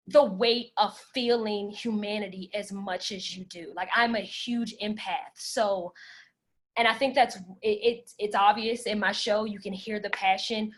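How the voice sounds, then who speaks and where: A woman podcast host answering audience questions in a relaxed, talkative way, speaking with passion and filling pauses with "like" and "um". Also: a little high. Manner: passionate, talkative, many "like" and "um" fillers. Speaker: podcast host leading a workshop Q&A. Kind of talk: casual conversational Q&A.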